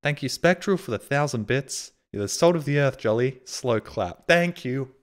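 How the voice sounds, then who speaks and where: A man's voice: mid-range voice, lively intonation, moderate pace. A man streaming live, reading out viewer donations and messages in casual, self-mocking, sarcastic banter.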